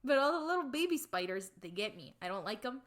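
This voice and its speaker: A woman's voice: mid-range voice, big pitch swings, fast, a crowd in the background. A young woman from the United States co-hosting a podcast, chatting casually and animatedly with lots of filler words. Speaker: podcast co-host. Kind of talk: casual chat.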